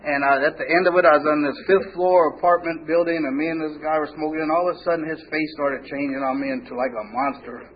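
A man's voice: fairly high pitch, steady tone, fast talker, hardly any pauses. A man telling a rambling, humorous story of his own past, acting out the quoted dialogue. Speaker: speaker sharing a recovery story. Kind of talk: storytelling testimony. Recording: muffled lo-fi recording with faint hiss.

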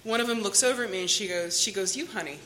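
Bright, candid woman. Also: medium pitch, fast, slight background noise. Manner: candid, chatty, self-mocking. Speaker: AA meeting speaker. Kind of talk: personal recovery story.

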